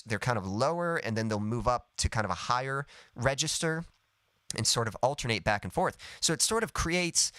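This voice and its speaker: A man's voice: medium pitch, pushed and bright, dry recording. A man teaching songwriting in a live lesson, explaining step by step in an easygoing way with lots of "sort of" and "kind of.". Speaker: songwriting coach.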